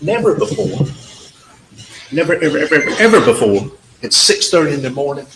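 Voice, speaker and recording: A man's voice: fairly high pitch, sing-song, a little fast, fairly bright tone. A man giving a closing argument to a jury, emphatic and repetitive, speaking straight to the jurors in a courtroom. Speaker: trial attorney. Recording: echoey courtroom audio with faint background noise.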